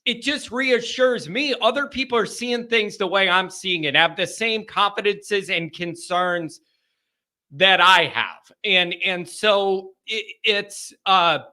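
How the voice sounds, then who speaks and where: A man's voice: high voice, sharp tone. A man hosting a live sports call-in show, chatting casually to his audience, rambling, joking and restarting his sentences. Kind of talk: casual live-stream chat.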